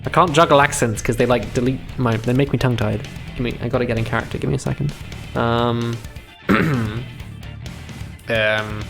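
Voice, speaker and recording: A man's voice: medium pitch, fairly even intonation, normal speed, gravelly, fairly bright tone, faint music behind. A young man live-streaming a visual novel, reading the text aloud and breaking off into chatty, profane commentary.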